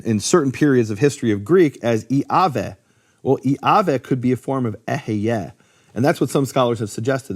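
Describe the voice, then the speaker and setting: A man teaching in casual talk, lively, with many fillers and restarts. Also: mid-range voice. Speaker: Bible teacher.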